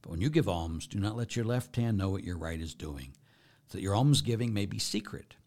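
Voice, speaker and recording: Animated priest with a low voice. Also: male voice, fairly quick. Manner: animated, swings from loud emphasis to quiet asides. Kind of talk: sermon-style Q&A talk.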